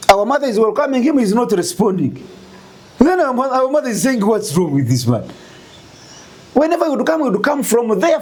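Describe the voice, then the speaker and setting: A Ugandan man telling a story in an interview, animated and full of rhetorical questions. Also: very high-pitched. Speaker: guest.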